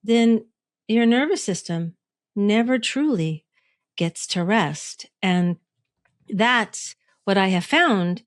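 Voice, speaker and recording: A woman's voice: medium pitch, animated, slow pace, dry recording, clean studio sound. A middle-aged woman hosting a reflective solo podcast, talking in a conversational way, asking listeners questions and laughing at herself. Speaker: podcast host and coach.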